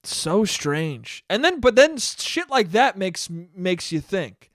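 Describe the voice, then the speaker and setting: A man's voice: high voice, very animated, slow pace, no echo, studio quality. A young man hosting a solo podcast, ranting in a profane, self-mocking way and acting out the voices in his head. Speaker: podcast host. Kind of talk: solo comedic monologue.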